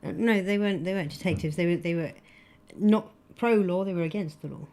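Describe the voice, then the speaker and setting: A woman's voice: on the low side, brisk, dark tone. A woman with an English accent co-hosting a comic chat show, dry and amused, correcting her partner. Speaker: co-host.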